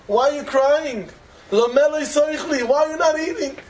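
A gentle husband tries to comfort his grieving wife, his words soft and reassuring, as a preacher puts him on. The voice sits very high for a man. It carries the echo of a roomy space with a faint hiss behind it. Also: moderate pace. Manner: soothing, reassuring.

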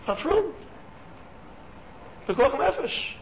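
Speaking at a moderate pace with frequent pauses, a man teaches religion in a lively, sermon-style talk before an audience. He acts out dialogue, jumps suddenly in pitch, and uses Hebrew and Yiddish terms; the audio is muffled with a faint room hum.

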